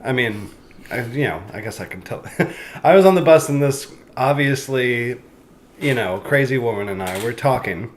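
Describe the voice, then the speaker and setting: A man, a comedian, telling stories in a casual chat, animated and often laughing. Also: mid-range voice, moderate pace. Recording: faint background noise.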